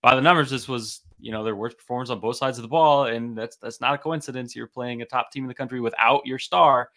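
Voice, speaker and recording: A man's voice: mid-range voice, fast talker, bright, forceful tone. A man co-hosting a casual sports podcast, enthusiastic and analytical, often repeating words as he thinks. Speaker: podcast co-host.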